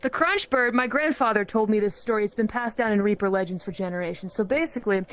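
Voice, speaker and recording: A woman telling a story in casual chat with friends, playful and animated, with many asides. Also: medium pitch, fast talker. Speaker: storyteller among a group of streamers.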